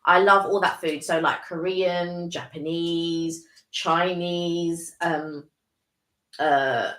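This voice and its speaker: A woman's voice: fairly low pitch, fairly even intonation, slow, fairly bright tone. A woman co-hosting a casual live stream, chatting enthusiastically with many restarts. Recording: echoey room.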